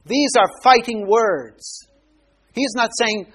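The preacher's high voice is husky and fairly bright, and he keeps a measured pace. He walks through Bible verses and questions the congregation as he explains them.

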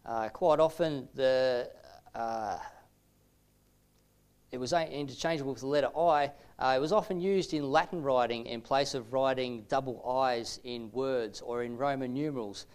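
A man delivering a lecture-style teaching video, explaining step by step in a measured way with frequent filler sounds. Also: medium pitch, darkish tone, clear, resonant tone.

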